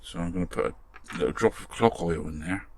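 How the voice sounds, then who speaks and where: Gravelly low-voiced man tinkering. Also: brisk, a little hiss or hum. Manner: chatty, muttering while working, mild swearing. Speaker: model restoration vlogger. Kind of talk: casual workshop commentary.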